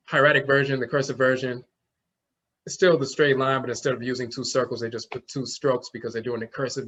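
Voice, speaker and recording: A man teaches a class at a steady, mid-pitched level, walking through one symbol after another. He often stops to voice the sounds himself. The recording is dull and lo-fi. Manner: explanatory, demonstrates sounds aloud. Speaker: language teacher. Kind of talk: classroom lecture.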